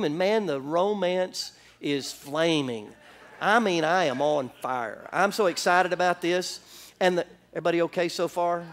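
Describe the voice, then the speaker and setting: A man from Florida preaching a sermon, telling a story with animated bursts and calls to the congregation in a church. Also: high-pitched. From Orlando, Florida. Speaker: pastor. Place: church sanctuary.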